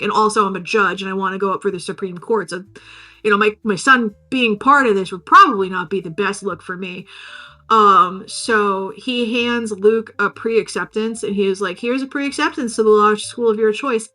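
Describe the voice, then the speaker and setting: A woman's voice: mid-range voice, pushed and bright. A woman co-hosting a podcast, casually recapping a film, swearing freely and acting out the characters in silly voices. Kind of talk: casual chat.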